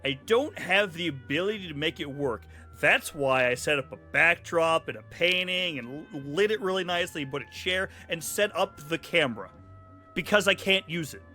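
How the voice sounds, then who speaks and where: Animated, joking man streaming a game. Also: on the high side, normal speed. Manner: chatty, joking, does silly put-on accents. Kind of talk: casual gameplay commentary. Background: game music.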